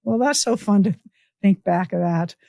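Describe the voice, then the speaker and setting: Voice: medium pitch, normal speed, creaky, warm tone, no echo. An interviewer with a mid-range voice reminisces about shared coaching years, laughing often between remarks. The questions are loose and friendly. The recording is dry and close. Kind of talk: casual interview.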